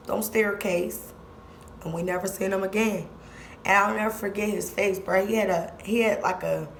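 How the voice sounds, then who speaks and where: A woman's voice: mid-range voice, vocal fry, slight background noise. A young woman vlogger telling a story in casual, slangy speech, repeating lines for emphasis.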